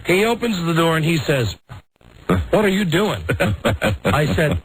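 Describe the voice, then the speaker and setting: Animated, husky-voiced American radio host. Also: male voice, fairly high pitch, slow, pauses often, dry recording, poor audio. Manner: animated, self-mocking storyteller. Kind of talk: casual on-air storytelling.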